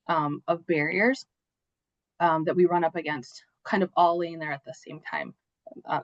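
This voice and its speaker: A woman's voice: lowish voice, dry recording. A woman presenting slides in a webinar, talking conversationally with fillers and tag questions while losing her voice. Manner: conversational, with frequent fillers and "right?" asides. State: losing her voice, clearing her throat. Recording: dull, dry video-call audio.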